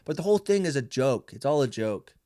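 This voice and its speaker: A man's voice: mid-range voice, sing-song, a little fast, dark tone, no room sound. Twenties comedian guy rambling n cursing, self-mocking, dead dry sound. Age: 20s. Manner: rambling, profane storytelling. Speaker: stand-up comedian, podcast host. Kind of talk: casual monologue.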